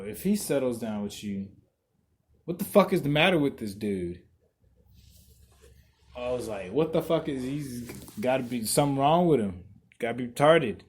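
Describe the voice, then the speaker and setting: A man hosting a podcast, ranting bluntly and profanely, loud one moment and muttering the next. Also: a little high. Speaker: podcast host. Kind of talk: casual podcast rant.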